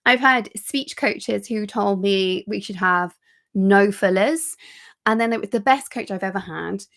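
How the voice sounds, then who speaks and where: A middle-aged woman executive coach giving a live online training in an energetic, coaching way. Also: mid-range voice, normal speed, creaky. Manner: energetic, coaching, acts out example phrasings.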